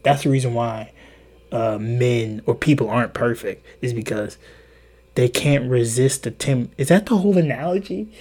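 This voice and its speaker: A man's voice: medium pitch, a little mellow. A man hosting a solo podcast, rambling in a profane, casual way. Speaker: podcast host.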